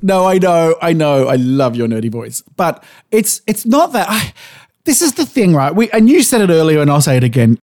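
A man's voice: fairly high pitch, very animated, moderate pace, a little mellow, no room sound, studio quality. A man co-hosting a podcast, chatting casually and making emphatic points, swearing freely. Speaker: podcast co-host. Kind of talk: casual chat.

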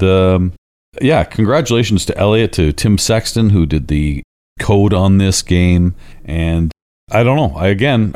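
A man's voice: low-pitched, mellow, no room sound, studio quality. A man with a Canadian accent co-hosting a podcast, chatting enthusiastically in an easygoing way. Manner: enthusiastic, easygoing, uses fillers like "if you will". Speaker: podcast co-host. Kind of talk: casual chat.

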